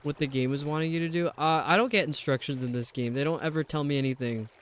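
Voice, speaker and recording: While puzzling over a game level on a live stream, a man chats in a rambling, casual way with his viewers. He speaks quickly in a fairly high, fairly bright voice, with slight background noise.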